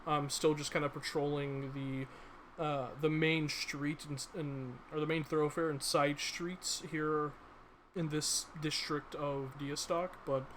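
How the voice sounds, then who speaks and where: A man's voice: fairly high pitch, flat delivery, slow, fairly bright tone, a little hiss or hum. A man narrating as game master of a tabletop game, hesitant with many fillers.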